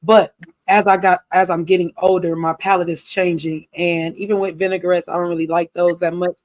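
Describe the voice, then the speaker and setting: A woman's voice: lowish voice, level tone, brisk, darkish tone, dry recording. A woman co-hosting a casual livestream chat. She talks candidly, with features, long asides and frequent laughs. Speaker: co-host.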